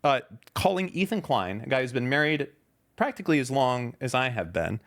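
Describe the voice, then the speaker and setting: A man's voice: medium pitch, sing-song, brisk, fairly bright tone. A man hosting a podcast in casual chat, reading tweets aloud with a sarcastic, mocking manner and many fillers. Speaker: podcast host.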